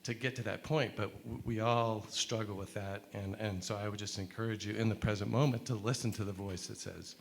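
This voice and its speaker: A lower-pitched man speaks up from a chapel congregation, conversational and encouraging. Faint background noise sits behind his voice on a passed-around mic. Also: fairly even intonation, a little fast, gravelly, few pauses. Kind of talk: spontaneous comment in a group discussion.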